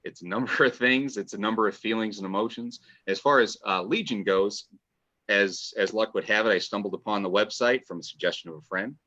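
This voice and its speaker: Brisk, pushed and bright, a lowish male voice belongs to a fan writer guesting on a casual podcast. He rambles enthusiastically and keeps restarting, over dull lo-fi sound.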